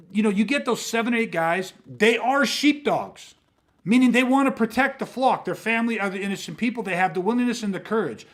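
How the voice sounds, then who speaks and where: Man, podcast host, high voice, intense swearing rant, confrontational.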